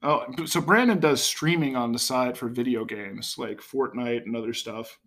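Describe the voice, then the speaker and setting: A man's voice: medium pitch, normal speed, fairly bright tone. A young man co-hosting a podcast in casual chat, joking and teasing with a lot of swearing. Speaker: podcast co-host.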